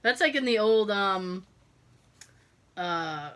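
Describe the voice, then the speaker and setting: A woman co-hosting a podcast, telling an animated story in casual chat and acting out the quotes. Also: medium pitch, slow pace. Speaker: podcast co-host.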